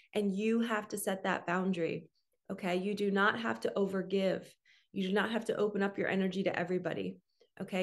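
A middle-aged woman speaking as a spiritual coach in a casual, earnest talk to camera. She chats freely and keeps adding "okay?" and "right?". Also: mid-range voice. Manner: earnest, chatty, often adds "okay?" and "right?".

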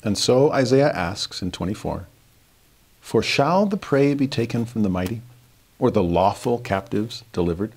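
A middle-aged man teaching a devotional scripture lesson, telling stories earnestly, moving between hushed and animated delivery. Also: lowish voice, moderate pace, slightly rough.

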